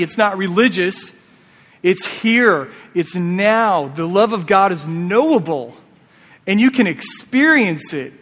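A man preaching a sermon to a congregation, conversational and animated, with asides to the listeners. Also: high voice. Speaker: pastor. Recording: long hall reverb.

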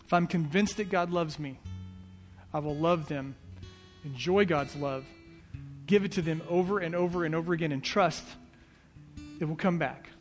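A man preaching with an earnest, repetitive build, his voice pitched a little high. It rings out with a long echo through a church hall, while soft guitar plays underneath. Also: normal speed, pauses often. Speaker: pastor. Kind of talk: sermon.

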